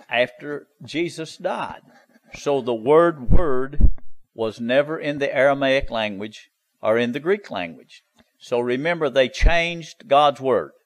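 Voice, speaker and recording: A man's voice: mid-range voice, no echo, poor audio. A man preaching a sermon in an insistent, repetitive way, with drawled "you see" asides.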